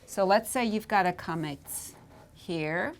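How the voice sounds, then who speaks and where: A woman's voice: medium pitch, takes it slowly, slight background noise. A woman teaching Hebrew vowels at a board, patiently repeating each sound and checking in with "okay?". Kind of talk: whiteboard lesson.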